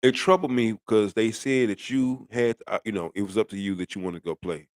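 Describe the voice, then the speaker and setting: A man's voice: fairly low pitch, a little fast, no room sound. A middle-aged man ranting bluntly about football in a rambling, casual way, full of rhetorical questions. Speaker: sports commentator. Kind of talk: casual sports rant.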